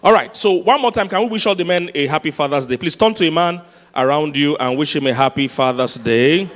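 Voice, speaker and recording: Pastor preaching in a reverberant hall. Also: male voice, a little high, fairly quick, fairly bright tone. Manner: storytelling with laughs, emphatic repetition. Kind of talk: sermon. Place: large church hall.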